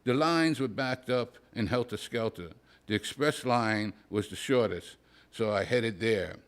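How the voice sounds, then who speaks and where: A man's voice: mid-range voice, a little slow. Dry, wry man reading a story. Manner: wry, dry, deadpan delivery. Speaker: poet reading his work. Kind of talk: reading a humorous prose story aloud.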